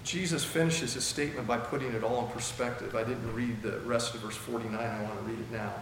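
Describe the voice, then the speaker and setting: A man's voice: medium pitch, fairly even intonation, fairly quick, fairly bright tone. A male pastor preaching a sermon verse by verse, chatty and fond of rhetorical questions, in a large church hall. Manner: conversational, asks rhetorical questions. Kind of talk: expository sermon. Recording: very echoey hall, faint noise.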